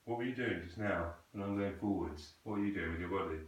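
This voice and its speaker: Male self-defense coach, lowish voice, patient and corrective, recorded from across an echoing training hall. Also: quick pace. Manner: patient, corrective, asks the student questions. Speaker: krav maga instructor. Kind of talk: coaching a student in a class. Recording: echoey room, voice from a distance.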